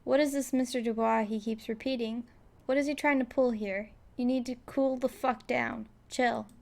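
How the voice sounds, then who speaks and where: A woman's voice: a little high, steady tone, moderate pace, vocal fry, a little mellow. A woman giving playful, casual commentary while playing a game, reading its text aloud and laughing often. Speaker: let's player.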